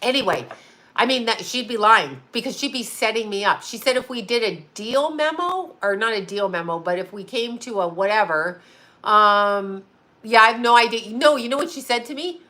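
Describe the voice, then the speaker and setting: This middle-aged woman runs her own channel as a psychic medium and talks casually during a livestream. She sounds slightly high, animated, bright and forceful at an ordinary speed, drifting from topic to topic with plenty of feeling and frequent cursing.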